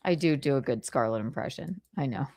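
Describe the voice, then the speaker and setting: A woman's voice: extremely low pitch, lively intonation, fairly quick, a little mellow, no echo, studio quality. A woman hosting a casual livestream, giggling and teasing as she chats. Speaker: livestream host.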